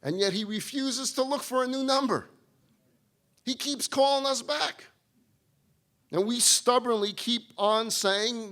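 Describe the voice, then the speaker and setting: Bright-voiced rabbi telling humorous stories. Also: male voice, very high voice, measured pace, long pauses. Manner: humorous storytelling. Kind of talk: sermon-style talk.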